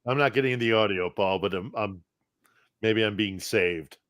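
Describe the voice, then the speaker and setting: A man talking as a guest over a remote call on a live stream, with relaxed, wry remarks. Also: lowish voice, normal speed. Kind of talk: casual live-stream chat.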